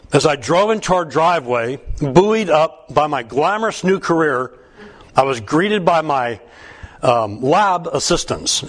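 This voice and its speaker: A man reading a humorous first-person story aloud, wry and even. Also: a little high. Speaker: narrator.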